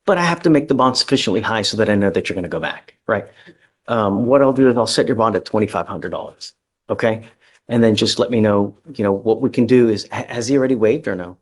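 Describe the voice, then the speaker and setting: A man's voice: on the low side, quick pace. A man speaking as a criminal court judge at a bail hearing, blunt and direct as he lectures the defendant in a courtroom.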